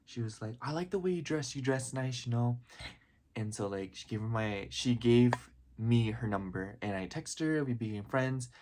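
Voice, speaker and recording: A young man vlogging in a comedic parody style, gushing and rambling with constant "like" fillers. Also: lowish voice.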